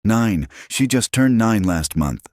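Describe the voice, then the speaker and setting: A man's voice: on the low side, animated, slow pace, no room sound, studio quality, pitched above the performer's own voice. A man voicing a desperate, heartbroken young mother who cries out in anguish, in a storytelling narration. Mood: shaken. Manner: tearful, raises her voice in anguish.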